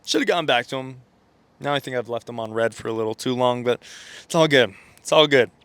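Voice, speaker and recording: A man's voice: mid-range voice, brisk, fairly bright tone, clean tone. A man with stuffy sinuses giving a casual motivational vlog monologue, rambling with lots of fillers and self-corrections and checking in with "okay?" and "right?". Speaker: self-improvement content creator.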